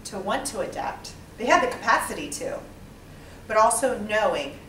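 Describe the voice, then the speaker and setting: A woman leading a small interactive training session, lively and quizzing the group. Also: mid-range voice, slight background noise. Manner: lively, asks the group questions, acts out types. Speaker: workshop trainer. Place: small training room with a few participants. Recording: echoey room, mic far off.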